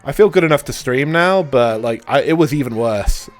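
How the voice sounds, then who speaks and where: A man with a mid-range voice, hoarse and stuffed up from being ill, rambles through a live stream. He talks loosely, with restarts and swearing, while faint music plays behind him. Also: mid-range voice, expressive, normal speed. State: stuffy nose after a cold. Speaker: live streamer hosting a retro game stream. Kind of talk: casual live-stream chat.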